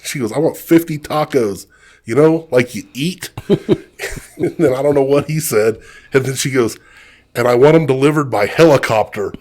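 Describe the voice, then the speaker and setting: A man's voice: mid-range voice, moderate pace, darkish tone. A middle-aged man co-hosting a podcast, telling a family story in an easygoing way. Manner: easygoing, laughs through his story. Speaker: podcast co-host. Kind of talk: casual storytelling.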